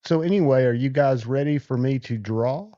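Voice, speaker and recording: A man's voice: medium pitch, normal speed, warm tone, dry recording, muffled recording. A man hosting a casual livestream, chatting loosely and thanking viewers by name. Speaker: livestream host.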